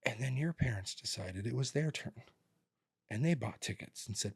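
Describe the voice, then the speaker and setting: A man's voice: mid-range voice, animated, normal speed, gravelly, breathy edge, dry recording. A man co-hosting a podcast, chatting casually and acting out what his relatives said as he tells stories. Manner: rambling storyteller who acts out relatives' lines. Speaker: podcast co-host. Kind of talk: casual chat. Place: podcast studio.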